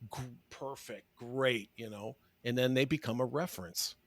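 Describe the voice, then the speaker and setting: A man's voice: medium pitch, normal speed, no echo. A man speaking as a podcast guest who runs a handyman business, rambling casually with plenty of "you know".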